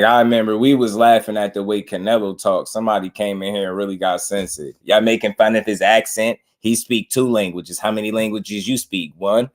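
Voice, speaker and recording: A man hosting a casual boxing livestream, talking in slang, laughing and riffing on viewer comments. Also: lowish voice. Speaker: boxing show host.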